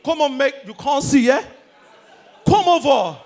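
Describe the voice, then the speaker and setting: Man doing a brash returnee with a put-on South East London accent, loud and high. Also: animated, measured pace, a faint crowd, full character voice. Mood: swaggering. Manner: loud, swaggering slang.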